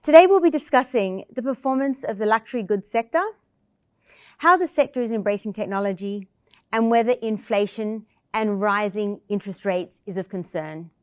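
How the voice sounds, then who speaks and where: A woman's voice: mid-range voice, moderate pace, darkish tone, no echo, clean studio sound. A woman hosting an investment interview series, reading a polished introduction and then putting questions to her guest. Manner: polished, read-from-script delivery. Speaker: interview host.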